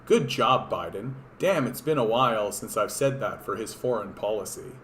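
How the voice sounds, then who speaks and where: A man with a hoarse voice, giving rambling, sarcastic and profane political commentary on a casual livestream. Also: on the low side, animated, moderate pace, a bit bright, slight background noise. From Canada. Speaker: political streamer.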